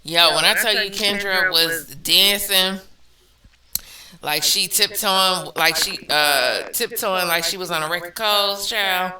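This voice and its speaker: A woman's voice: fairly low pitch, slow, pushed and bright, far from the mic. A woman vlogger reading out and reacting to viewer comments in a blunt, slangy, emphatic way, laughing often. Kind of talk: casual commentary. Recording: echoey room, off-mic.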